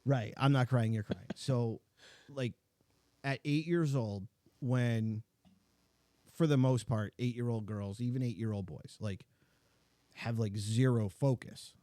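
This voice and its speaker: A man's voice: mid-range voice, slow pace, long pauses, dark tone, no room sound. A middle-aged man hosting a podcast in casual chat. He tells stories loosely, with lots of "like"s and fillers. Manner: chatty, filler-heavy storytelling with many "like"s. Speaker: podcast host.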